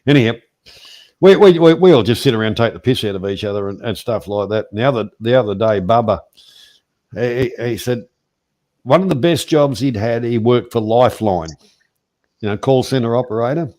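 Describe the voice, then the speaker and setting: A man's voice: medium pitch, animated, fairly quick, darkish tone. Rambling, irreverent Australian man. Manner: rambling storyteller, irreverent, swears. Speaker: host. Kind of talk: casual chat.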